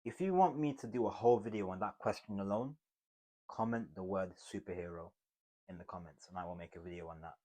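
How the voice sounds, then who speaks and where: A man teaching communication skills to camera in an emphatic, motivational way, swinging between loud bursts and hushed asides. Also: deep voice, fast talker. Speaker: communication coach.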